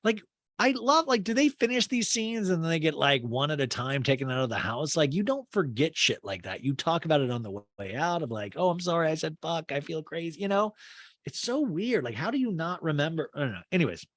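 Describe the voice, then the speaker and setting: A man's voice: fairly high pitch, very animated, a little fast, a bit bright, no room sound. A man hosting a podcast, giving a gossipy, sarcastic and crude comedic recap of a reality show. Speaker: podcast host.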